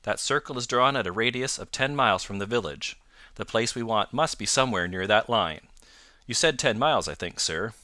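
A man voicing a brisk, eager male police inspector in an audiobook, bluff and hearty. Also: fairly low pitch, lively intonation, bright, forceful tone, no echo, clean studio sound. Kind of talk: audiobook narration.

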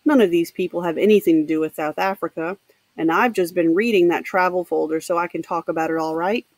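A woman's voice: lowish voice, a little fast, a little mellow, dry recording. Lady reading as a sneaky middle-aged guy talking to himself, dry mic. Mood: scheming. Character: scheming middle-aged man posing as colonial.

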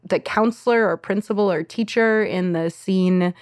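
A woman's voice: medium pitch, normal speed, no echo, clean studio sound. A woman co-hosting a podcast, chatting casually about a film with hesitant restarts and easy laughter. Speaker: podcast co-host. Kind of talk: casual film review chat.

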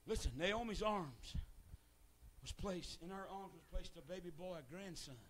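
A middle-aged man preaching a revival sermon in a church, moving from relaxed storytelling to shouted, fervent calls. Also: high-pitched, normal speed. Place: church sanctuary.

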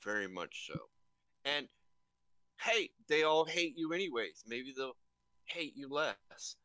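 A man's voice: mid-range voice, very animated, slow, sharp tone, no room sound. A man playing in a tabletop game, hesitant and stammering as he talks in character. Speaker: player.

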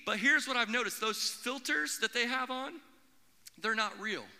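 High, bright young man preaching in a hall. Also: moderate pace. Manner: animated, acts out quoted voices. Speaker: pastor. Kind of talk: sermon. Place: church auditorium. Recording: long hall reverb.

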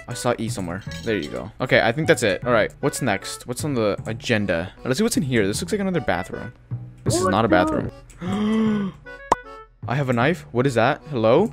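A young man gives horror game commentary in a lively, swooping voice, jumpy and excitable, swearing freely. His pitch sits mid-range for a man, and faint game music plays behind him. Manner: jumpy, excitable, swears a lot, says dude and bro. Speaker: gaming video creator. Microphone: headphones and desk mic.

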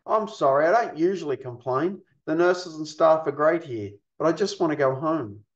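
A man's voice: fairly high pitch, lively intonation, moderate pace, lightly acted. A man reading the lines of a frustrated female hospital patient who wants to go home, in a plain, lightly acted way. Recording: echoey, dull lo-fi.

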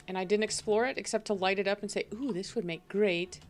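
A woman's voice: mid-range voice, fairly even intonation, a little fast, soft background music. A woman hosting a multiplayer game session over voice chat, explaining the rules at length with fillers. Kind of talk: casual gaming chat over voice call.

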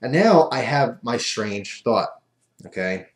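A man's voice: medium pitch, expressive, slow. A man casually telling a rambling, self-amused story as a vlogger, recorded in an echoey room.

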